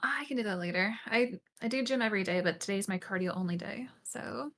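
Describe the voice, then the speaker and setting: Bright-voiced young woman, teasing friend. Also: mid-range voice, fairly quick. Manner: teasing, easygoing, laughs often. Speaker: friend on a call. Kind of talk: casual chat on a voice call.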